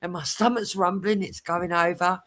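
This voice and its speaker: A woman's voice: lowish voice, steady tone, normal speed, a bit bright. A British woman hosting a casual podcast chat, telling a crude story with lots of swearing and laughter.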